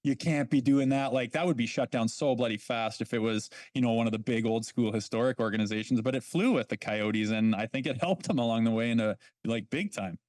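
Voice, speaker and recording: A man's voice: mid-range voice, a little fast, few pauses, darkish tone, no room sound. A middle-aged man, a former hockey player, telling blunt stories in a casual podcast chat. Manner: blunt, swears freely, quotes people in his stories.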